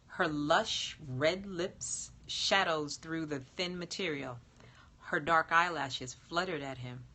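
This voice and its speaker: A woman reading an erotic story aloud in a slow, sultry narration that sometimes drops to a whisper. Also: on the low side, bright, forceful tone. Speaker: erotica reader. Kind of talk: scripted narration.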